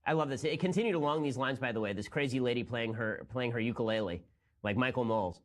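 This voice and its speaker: A man giving political commentary, talking quickly in a mocking, incredulous manner. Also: medium pitch.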